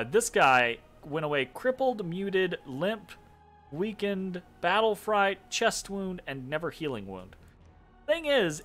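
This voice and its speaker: A man's voice: a little high, a bit bright. A man casually commentating his own strategy game turn, rambling, correcting himself and making wry asides. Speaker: let's play commentator.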